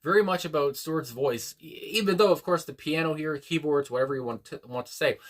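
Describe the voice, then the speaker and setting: A man's voice: a little high, fairly quick. A man hosting a music reaction video, talking casually in a rambling, hesitant way with lots of fillers and restarts, earnest and reflective.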